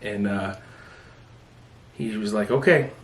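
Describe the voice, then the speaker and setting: A man's voice: mid-range voice, a little fast, a little hiss or hum. A man hosting a podcast in casual chat, telling stories with animation and acting out other people's lines. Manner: animated storyteller who acts out family members' lines. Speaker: podcast host. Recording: echoey room.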